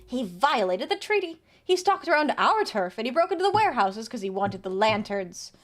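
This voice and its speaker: A woman's voice: on the high side, sing-song, normal speed, faint music behind. A woman reading aloud for a proud, stubborn boy who leads a gang of children in a game, in a light character voice.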